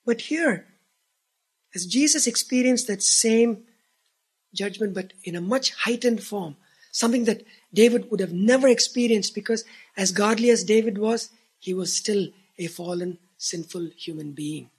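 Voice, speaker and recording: A man preaching a sermon as pastor, earnest, swelling to emphatic peaks and dropping to hushed tones. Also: high-pitched, measured pace, breathy edge.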